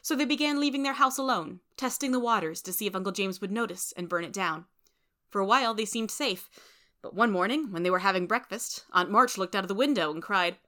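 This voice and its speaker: A woman narrating a storybook in a steady, clear reading voice. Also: mid-range voice, brisk. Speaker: reader.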